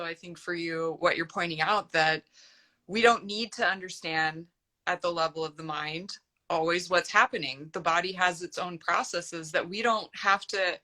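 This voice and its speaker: Bright affirming woman host. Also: on the low side. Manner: affirming and reflective, sums up the guest's points. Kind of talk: conversational interview.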